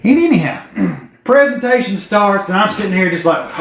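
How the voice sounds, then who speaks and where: A man's voice: high-pitched, moderate pace, creaky, slight background noise. Profane man telling a story. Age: 40s. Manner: animated, profane, folksy. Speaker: vlogger telling his business story. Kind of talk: casual storytelling to camera. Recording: echoey room.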